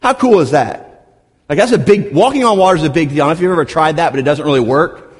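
A man's voice: fairly high pitch, expressive, quick pace, slightly rough. A man preaching a sermon, retelling scenes with playful asides and humor. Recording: long hall reverb.

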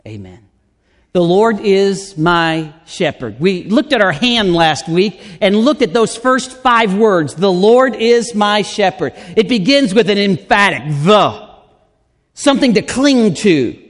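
Slow, high-voiced preaching man. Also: a bit bright. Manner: slow, deliberate preaching with drawn-out phrases. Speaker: pastor. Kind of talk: sermon. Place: church sanctuary. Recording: long hall reverb.

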